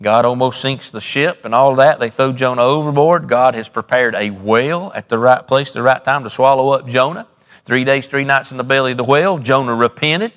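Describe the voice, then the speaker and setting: A man's voice: mid-range voice, brisk, a bit bright. Man preaching in a reverberant church. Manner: preacherly, repetitive, rises and drops dramatically. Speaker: pastor. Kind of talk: sermon. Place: church sanctuary.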